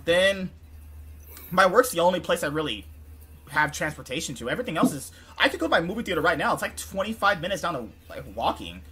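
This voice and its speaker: A man's voice: high voice, expressive, quick pace, sharp tone. A young man from California hosting a podcast, rambling and joking in casual chat, often breaking into laughter. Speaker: podcast host.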